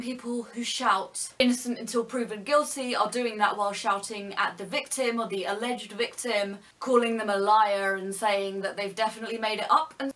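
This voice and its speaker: A young woman talks straight to camera in an opinion vlog. Her voice is bright and a little high. She argues earnestly and lays out her points step by step. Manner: earnest, argumentative, explaining step by step. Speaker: vlogger.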